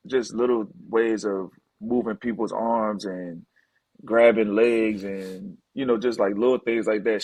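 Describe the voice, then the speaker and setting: A man's voice: on the low side, breathy edge, dry recording, rough recording. A man in his thirties talking as a podcast guest, laid-back and explaining things casually. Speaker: podcast guest, former pro basketball player. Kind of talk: casual interview talk.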